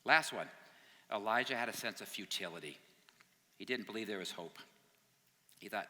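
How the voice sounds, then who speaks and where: A man's voice: on the low side, moderate pace, pauses often, bright, forceful tone. A man telling a Bible story to a young adult group, acting out the characters' lines with conversational asides. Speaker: youth pastor. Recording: long hall reverb.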